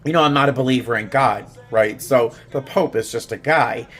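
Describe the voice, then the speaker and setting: Soft-spoken middle-aged man rambling heartfelt. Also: medium pitch, normal speed, faint music behind. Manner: rambling, heartfelt, with many fillers and restarts. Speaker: vlogger. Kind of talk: casual personal vlog. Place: small home studio room at night.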